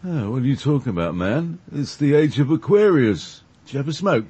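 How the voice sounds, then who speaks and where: A man voicing a laid-back male hippie from the sixties who talks in easygoing slang, with a husky voice. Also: low voice, normal speed, a little mellow. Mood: mellow.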